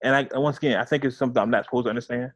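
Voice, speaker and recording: A man's voice: medium pitch, fairly even intonation, very fast, no room sound. A man co-hosting a podcast, chatting loosely and joking with slang. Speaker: podcast co-host. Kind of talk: casual chat.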